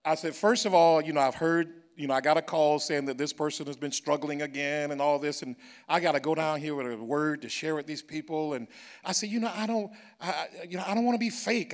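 A fervent male preacher, his voice sitting a little high for a man, telling a personal story in a church. He swings from low, confiding storytelling to loud, drawn-out shouts of praise. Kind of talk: sermon testimony.

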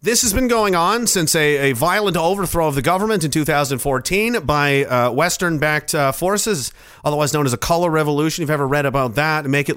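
A man's voice: a little high, fairly quick, a bit bright, clean tone, no echo. A young man doing a profane, sarcastic stand-up rant, acting out other people's voices. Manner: profane, sarcastic, acts out characters. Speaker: stand-up comedian.

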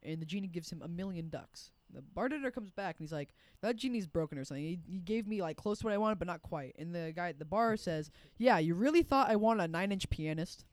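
A man's voice: sits high, expressive, fast talker, hardly any pauses, no room sound. A teenage boy, a college sophomore, chatting as a podcast guest, rambling with restarts and telling jokes. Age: teens. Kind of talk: casual podcast chat.

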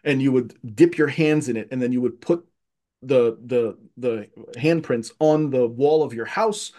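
A middle-aged man, raised in Egypt, tells his childhood stories in a loose conversational way. He often restarts and repeats words as he goes. His voice jumps up in pitch whenever he acts out what he or others said. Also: unhurried. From Armenian family raised in Egypt. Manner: animated, repeats words as he restarts, rising pitch when quoting himself. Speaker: guest. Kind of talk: casual conversational storytelling.

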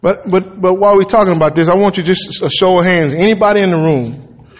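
A man preaching a sermon in a church, folksy and emphatic, with sudden loud peaks. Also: high-pitched, fast talker. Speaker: pastor. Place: church sanctuary. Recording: long reverb of a church hall.

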